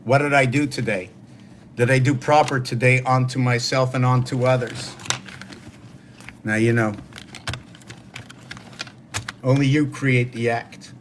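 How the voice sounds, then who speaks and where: A man's voice: medium pitch, steady tone, a little slow, pauses often, a little hiss or hum. A man hosting a solo livestream, musing aloud in a wandering way and talking to his viewers. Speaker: livestream host. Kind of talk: rambling solo livestream talk.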